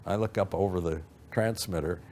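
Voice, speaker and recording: Deep-voiced older man telling stories. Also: normal speed, darkish tone, a little hiss or hum. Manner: rambling, acts out quoted voices, frequent fillers. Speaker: interview guest. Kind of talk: anecdotal storytelling.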